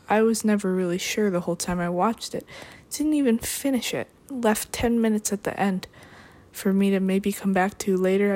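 A young adult woman talking alone in a rambling, deadpan way, drifting between topics with dry asides. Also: mid-range voice. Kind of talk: rambling solo monologue.

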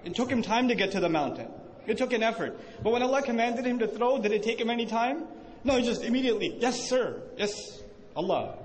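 A man's voice: very high-pitched, fast. A man teaching a religious lecture to a live audience, asking them questions and answering himself, acting out quoted lines with emphasis. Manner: acts out quoted speech with rising emphasis. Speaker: Islamic teacher. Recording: echoey hall with faint noise.

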